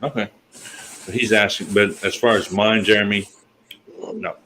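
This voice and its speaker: A man's voice: lowish voice, moderate pace, sharp tone, slight background noise, poor audio. A man hosting a casual live chat on a video call, folksy and easygoing. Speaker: livestream host.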